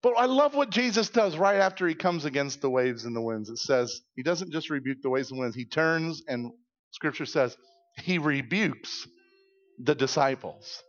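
A man pastor preaching a sermon in church, retelling scripture with animated storytelling and acted-out voices. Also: fairly high pitch, moderate pace, lo-fi sound.

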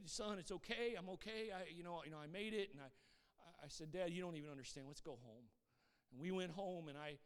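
A middle-aged man preaching in a reverberant sanctuary, his voice sitting a little high for a man. He tells a heartfelt testimony in an earnest, reserved way, often doubling words as he starts a sentence. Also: fairly bright tone. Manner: earnest storytelling, repeats words when starting sentences, asks "Amen?"; calls himself reserved by default. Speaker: pastor. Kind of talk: sermon with personal testimony.

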